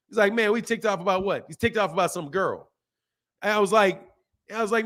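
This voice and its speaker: A man hosting a boxing livestream, talking in a slangy, animated way and laughing often while reading out viewer messages. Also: sits high, fast. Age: adult, a father. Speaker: boxing channel host. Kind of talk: casual livestream chat.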